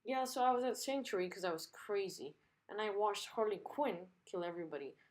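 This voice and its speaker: A woman's voice: mid-range voice, fairly quick, close to an everyday voice. Woman reading as a flustered young hero guy, rambling and confused, comic book read-aloud.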